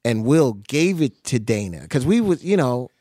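A man's voice: mid-range voice, moderate pace, no echo, clean studio sound. A man telling stories in casual conversation, acting out the voices of people he quotes. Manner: animated, acts out quoted voices. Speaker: guest recalling his early music career.

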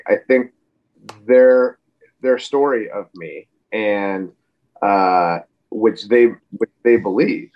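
A man's voice: fairly low pitch, highs cut off. A man in his forties, a guest on a podcast, talking casually and rambling with many fillers and restarts. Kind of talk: casual interview chat.

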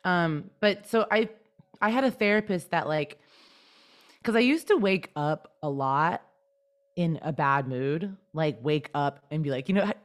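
A young woman talking casually with a fairly low voice. She is chatty and animated, and often jumps into quoted voices to act out what she and others said. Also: a little slow. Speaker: guest. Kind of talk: casual chat.

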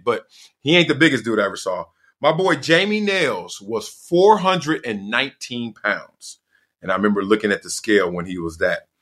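A middle-aged man hosting a casual solo podcast, telling stories in a slangy, animated way and laughing often. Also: medium pitch. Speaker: podcast host.

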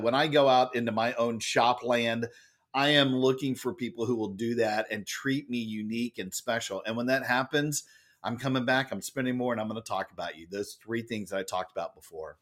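A man telling a story as a podcast guest, with a loud and lively manner. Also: medium pitch. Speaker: guest, author and speaker. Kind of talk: animated storytelling in a podcast interview.

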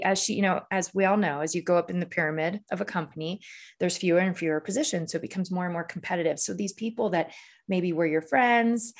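Earnest low-voiced woman coach. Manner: earnest, storytelling, frequent "right?" tags. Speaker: leadership coach, guest. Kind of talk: conversational interview.

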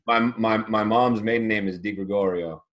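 A man's voice: on the low side, steady tone, moderate pace, fairly bright tone. A man co-hosting a casual podcast, chatting in a laid-back, joking way. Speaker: podcast co-host.

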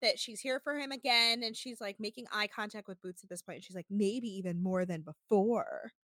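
Bright-voiced woman recapping with lively swearing. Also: fast talker, no echo, clean studio sound. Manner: animated, swearing, mimics people in high voices. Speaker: podcast co-host. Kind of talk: casual recap chat.

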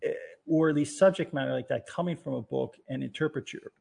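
A man in a casual film discussion, speaking haltingly and often trailing off mid-thought. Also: medium pitch, vocal fry, a little mellow, husky.

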